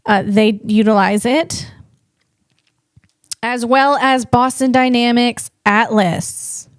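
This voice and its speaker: Woman podcast host, slow, clear voice, dry close sound, rambling and self-correcting. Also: a little high, fairly even intonation, no room sound. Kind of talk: casual solo podcast talk.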